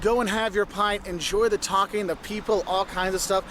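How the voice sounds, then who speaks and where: A man's voice: sits high, fairly even intonation, normal speed, a bit bright, a little hiss or hum. A male travel vlogger outdoors giving advice in an instructive way, repeating his points and checking in with "okay?".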